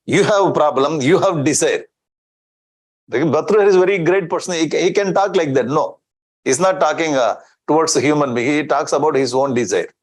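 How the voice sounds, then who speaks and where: A man's voice: on the high side, brisk, poor audio. A man giving a scripture discourse as a swami, chanting Sanskrit verses and explaining them in with rhetorical questions.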